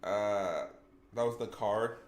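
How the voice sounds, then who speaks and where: A man's voice: fairly low pitch, takes it slowly, reverberant, a little hiss or hum. A man streaming a game, chatting casually with viewers and reacting with laughs.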